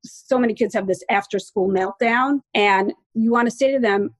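A woman's voice: mid-range voice, moderate pace, dry recording. A woman in her forties, a parenting expert guest, explaining practical advice in a reassuring, explanatory way. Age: 40s. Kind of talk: interview advice.

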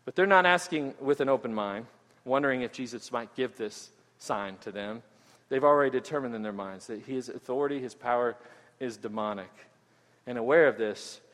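A man's voice: medium pitch, a bit bright. A man preaching an expository sermon as a pastor, earnest and emphatic, often restarting phrases and adding "right?". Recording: echoey hall with long reverb.

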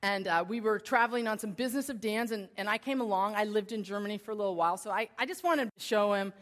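Brief: woman in her forties, animated self-deprecating storyteller, medium-pitched voice. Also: fast talker. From United States. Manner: animated, self-deprecating, lively shifts between bright and hushed. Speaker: speaker addressing an audience. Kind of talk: personal storytelling talk.

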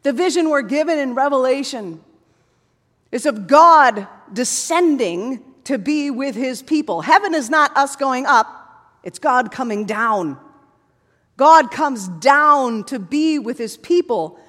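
Woman preaching a sermon, earnest then soft and hushed, big echoey church hall. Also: high-pitched, lively intonation, takes it slowly. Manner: earnest, builds to fervent passages, drops to soft hushed endings. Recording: long hall reverb.

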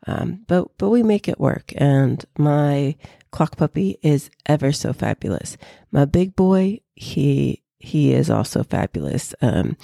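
A woman vlogger chatting casually to her viewers in an animated way. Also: low voice, gravelly, no room sound, clean studio sound. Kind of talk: casual chat.

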